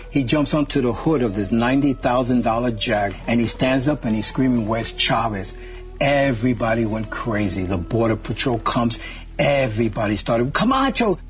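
A man telling a lively anecdote, acting out the quotes in the story. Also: mid-range voice. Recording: distant mic with faint music.

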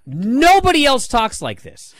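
Lively, exasperated male podcast co-host. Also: very high voice, unhurried, no room sound, studio quality. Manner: animated, exasperated ranting with mocking quoted readings. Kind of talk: casual wrestling discussion.

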